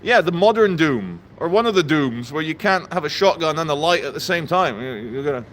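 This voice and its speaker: A man livestreaming outdoors, ranting and greeting viewers in the chat with lively energy. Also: a little high, fairly quick, few pauses. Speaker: livestream host. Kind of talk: live-streamed political rant. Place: outdoors in a town. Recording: faint outdoor traffic noise.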